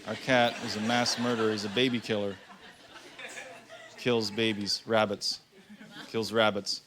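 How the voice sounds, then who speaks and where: A man doing a stand-up comedy routine, telling stories deadpan and slipping into voices for the people in them. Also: fairly low pitch, a little slow, pauses often, a crowd in the background, noisy background. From Canada. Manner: deadpan storytelling with acted-out voices. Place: comedy club stage with a live audience.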